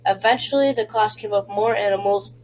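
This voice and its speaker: A woman reads a children's chapter book aloud at a middling pitch. She stumbles often and goes back to fix her words. A faint hum runs under the recording. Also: low-quality recording. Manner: halting, with frequent slips and restarts. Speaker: reader.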